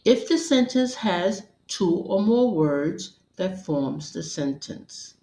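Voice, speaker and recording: Slow, measured woman teaching grammar. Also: on the low side, expressive, mellow. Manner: measured, deliberate, instructional. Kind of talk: scripted grammar lesson narration. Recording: roomy echo.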